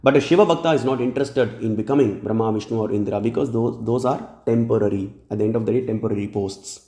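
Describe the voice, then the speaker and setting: A man's voice: on the low side, quick pace, mellow, echoey room. A man giving a scripture lecture who recites verses, translates them, and often checks in with "hmm?". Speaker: religious lecturer.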